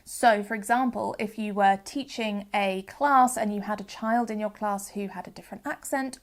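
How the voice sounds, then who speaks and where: A young woman from the UK hosting a phonics lesson, explaining patiently and sounding out examples slowly and clearly. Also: fairly high pitch. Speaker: phonics teacher and channel host. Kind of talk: educational video lesson.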